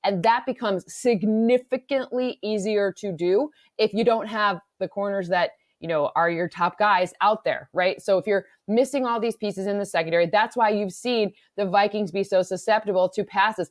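A woman from Michigan, an analytics expert talking football in a casual podcast chat, fast and rambling with many restarts. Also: medium pitch, dry recording, studio quality. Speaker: NFL analytics expert guest.

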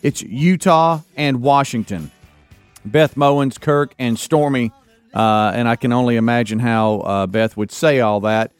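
A man's voice: mid-range voice, unhurried, smooth, dry recording, soft background music. A man hosting a radio show, giving time checks and a sports plug in a loose, informal way full of fillers. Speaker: radio host. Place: radio studio.

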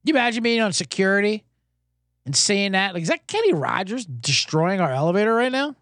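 A man hosting a sports betting podcast, telling a casino story and giving picks in a profane, animated way with shouted crowd chants. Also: sits high, brisk, dry recording, studio quality.

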